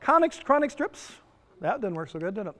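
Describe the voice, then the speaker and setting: A man's voice: sits high, big pitch swings, brisk, fairly bright tone. A middle-aged man giving a joking conference talk as a presenter, often asking the audience questions. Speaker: presenter at a stress summit. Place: resort conference room. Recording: long reverb of a conference hall.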